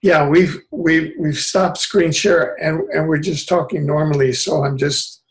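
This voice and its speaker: A male host interviewing a guest over a video call, asking halting questions. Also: on the high side, steady tone, poor audio.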